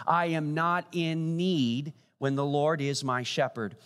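A male pastor delivers a sermon in an animated way, his fairly high voice climbing even higher when he stresses a point. The sound carries a long reverb, as from a large church hall. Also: slow, smooth. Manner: animated, rising high for emphasis.

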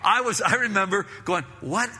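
Animated preaching man in a reverberant hall. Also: high-pitched, normal speed, slightly rough, soft background music. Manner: casual, animated preaching with frequent "man" and repetitions. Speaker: pastor. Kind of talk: sermon.

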